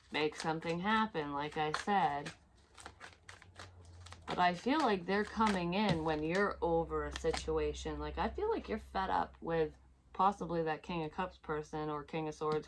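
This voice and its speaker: A woman's voice: low voice, steady tone, a little slow, slight background noise. A woman giving a casual tarot reading, chatty, swearing freely and laughing at herself. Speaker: psychic tarot reader.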